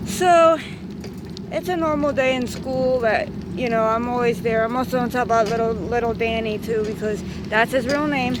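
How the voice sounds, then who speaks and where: A woman in her thirties telling a rambling, excitable story for her vlog, swearing now and then. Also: a little high, normal speed, very noisy. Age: 30s. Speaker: vlogger.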